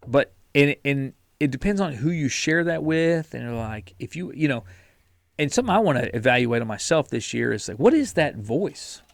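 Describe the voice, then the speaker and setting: A man's voice: medium pitch, expressive, normal speed, creaky, dry recording, studio quality. A man co-hosting a podcast, talking bluntly and casually about discipline and sticking to a plan, sometimes restarting his words. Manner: blunt, mildly profane, repeats words when restarting. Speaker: podcast co-host. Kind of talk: casual motivational chat.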